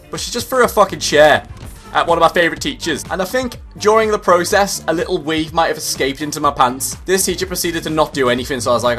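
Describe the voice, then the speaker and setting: A man's voice: on the high side, fast, soft background music. A young British man in his twenties, telling a story to camera in a casual, profane, comedic way. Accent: British English. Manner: profane, animated, comedic exaggeration. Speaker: YouTuber.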